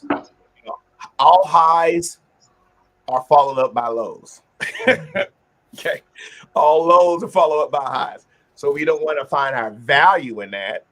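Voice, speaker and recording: In a relaxed group discussion he hosts, a man speaks with medium pitch and earnest tone about self-reflection, becoming lively as he acts out examples.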